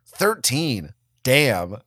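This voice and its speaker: A man's voice: medium pitch, sing-song, very slow, a bit bright, slightly rough, no echo, studio quality, heavily acted. A man voicing a wisecracking, sardonic teenage boy in a dramatic fan-fiction reading. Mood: teasing. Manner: teasing, sarcastic.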